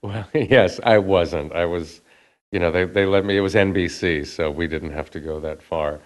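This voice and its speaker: Male actor guest, very low voice, chatty storyteller, laughs easily. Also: moderate pace. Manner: chatty, acts out the voices of people he quotes; laughs often as he talks. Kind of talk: casual anecdotal storytelling.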